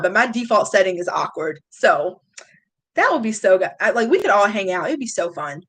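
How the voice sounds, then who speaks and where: A woman in her late 20s, a YouTube beauty vlogger, chats casually on a live stream, confiding in viewers and speaking straight to chat with real emotion. Her medium-pitched voice is animated, fairly quick and a bit bright, though the audio is poor.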